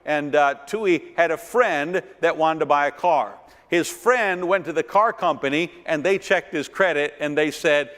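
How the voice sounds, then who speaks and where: A middle-aged man teaches a church finance seminar with a fairly high-pitched voice. He drives his points home by repeating words and asking the audience rhetorical questions. His voice carries a long reverb from a church hall. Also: measured pace, fairly bright tone. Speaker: pastor and seminar speaker.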